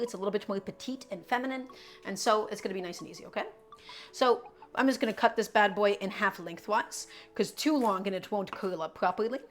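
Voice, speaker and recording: A young woman chatting upbeat as she demonstrates a recipe on a cooking live stream and answers her viewers. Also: fairly high pitch.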